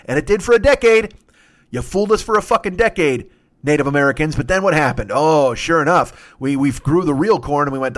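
A man with a slightly high voice talks briskly and animatedly. As a comedy podcast host, he riffs through a profane, improvised rant and slips into silly voices.

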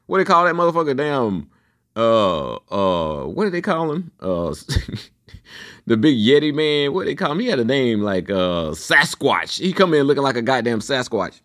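Fifty-something guy ranting on his vlog, cussing a lot, rambling, voice jumping high and low, mid-pitched. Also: big pitch swings, moderate pace. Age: 50s. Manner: loose, profane, rambling, with big swings in pitch. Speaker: vlogger. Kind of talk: profane solo rant.

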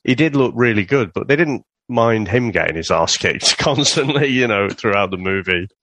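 A relaxed British podcast co-host chats about a film, stammering a little and chuckling now and then. His voice sits on the low side. The recording is dry and close. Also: moderate pace, no echo. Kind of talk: casual film review chat.

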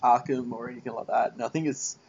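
A man's voice: mid-range voice, steady tone, quick pace, a little mellow, breathy edge. A man hosting a podcast, talking earnestly and rambling a little in casual chat. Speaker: podcast host. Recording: dull muffled podcast audio.

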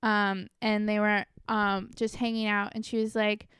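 A woman's voice: mid-range voice, little pitch movement, a little slow, a bit bright, smooth, no echo, studio quality. A young woman chatting casually as a podcast co-host, telling stories with lots of "like" and "um". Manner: chatty storytelling with many likes and ums. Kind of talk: casual chat.

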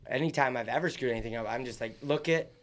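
A man's voice: mid-range voice, fast. A young man co-hosting a podcast, telling stories bluntly with plenty of swearing and laughter. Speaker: podcast co-host. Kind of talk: casual chat.

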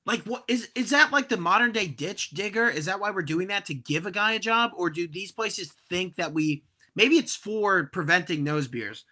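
A man in his twenties, a podcast guest, telling a comic story in a profane, animated, exasperated way. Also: sits high, moderate pace.

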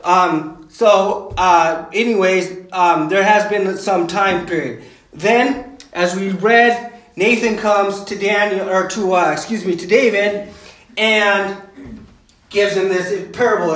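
A man's voice: high voice, slow pace, a bit bright, roomy sound, rough recording. A man preaching a sermon in a conversational way, full of fillers and "right?" asides. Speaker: pastor.

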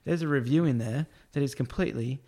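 A man's voice: medium pitch, quick pace. Man telling a rowdy work story. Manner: lively, crude slang, acts out quotes, laughs often. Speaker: storyteller, construction worker. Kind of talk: casual anecdote.

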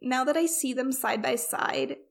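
A woman's voice: high-pitched, measured pace, vocal fry. A woman co-hosting a casual chat, rambling and self-deprecating, with frequent restarts. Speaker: podcast co-host.

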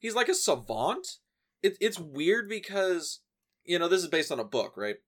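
Animated, rambling male podcast host. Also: high-pitched, normal speed. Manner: animated, rambling, swears, filler-heavy. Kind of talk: casual film discussion.

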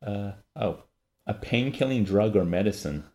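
Lively, curious male co-host. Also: on the low side, normal speed. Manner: curious, looks things up aloud. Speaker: podcast co-host. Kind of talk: casual chat about a book.

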